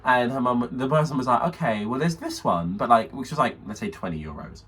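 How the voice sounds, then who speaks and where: Man, podcast co-host, casual story, bouncy expressive pitch, swears, does little impressions, distant mic. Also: a little fast, husky. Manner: animated, swears freely, mimics people in his stories. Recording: distant mic with faint background noise.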